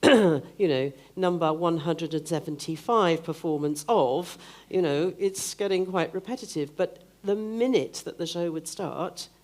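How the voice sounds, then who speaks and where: A woman's voice: on the low side, measured pace, hardly any pauses, a little mellow. An older woman speaking at a book festival event, hesitant and often repeating words as she searches for them. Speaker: festival speaker, theatre producer and author. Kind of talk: live onstage conversation.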